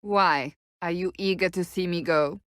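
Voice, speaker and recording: A woman's voice: fairly low pitch, measured pace, a bit bright, no room sound, studio quality. An actress playing a stern, blunt female warrior in curt, formal video game companion dialogue.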